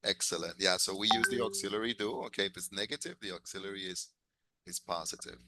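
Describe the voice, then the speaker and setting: A man's voice: low-pitched, fast, very noisy. A man teaching an English class, encouraging his students, drilling phrases and chuckling often.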